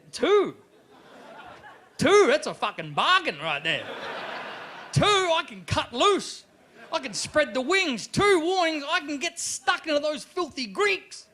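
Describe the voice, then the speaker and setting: Male comic, animated live stand-up, high pitch, slight room hiss. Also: slow pace, pauses often, some chatter behind. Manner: animated, shouting bits in character. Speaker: stand-up comedian.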